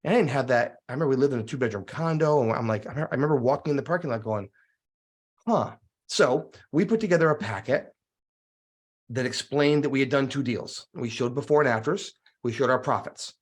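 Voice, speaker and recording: A man's voice: medium pitch, fast. A middle-aged man telling stories as a guest in a podcast interview, acting out the dialogue he recalls. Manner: animated storyteller, acts out quoted dialogue. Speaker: guest real estate investor.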